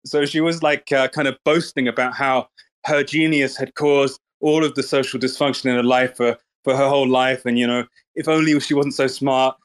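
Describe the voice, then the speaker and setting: A man's voice: medium pitch, fairly even intonation, moderate pace. A man in a casual online voice chat, talking bluntly and swearing freely in a mocking way. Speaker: Twitter space speaker.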